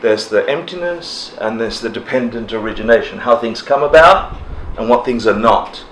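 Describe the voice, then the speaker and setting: A man leads a casual class in a roomy hall, his voice bright and forward. He laughs easily and acts out people's reactions in funny little voices. A faint hum of ambience sits under him. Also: mid-range voice, moderate pace. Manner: animated, laughs often, acts out quoted reactions. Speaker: dharma teacher. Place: indoor class room.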